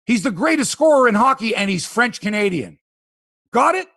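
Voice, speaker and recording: Gravelly sports talk guy, ranting, dry close mic. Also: very high voice, moderate pace, no room sound. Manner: animated, ranting, profane. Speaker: sports podcast host.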